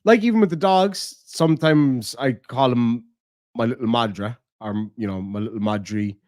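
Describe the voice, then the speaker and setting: A man's voice: mid-range voice, normal speed, darkish tone, no echo. Irish man, stream host, casual rambling chat, swears, dry close mic. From Ireland. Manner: swears freely, laughs, rambling asides. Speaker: livestream host. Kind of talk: casual chat to a live audience. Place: home.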